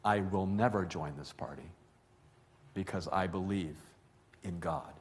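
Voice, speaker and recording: A man voicing a calm, steadfast woman of faith. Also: sits low, voice pushed down. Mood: calm, firm. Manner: calm, firm, measured.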